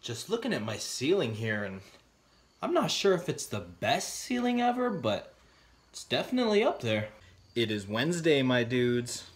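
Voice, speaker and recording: A man delivering short pun jokes one after another, with quick voiced asides. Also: on the high side, wildly swooping pitch. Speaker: comedy video host. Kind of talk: deadpan one-liner joke delivery.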